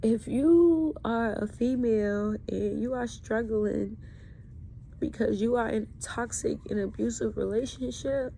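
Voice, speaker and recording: Woman vlogger with a slightly high voice, raw and emotional, pouring out her story to camera. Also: unhurried, vocal fry, warm tone, slight background noise. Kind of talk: candid personal vlog monologue.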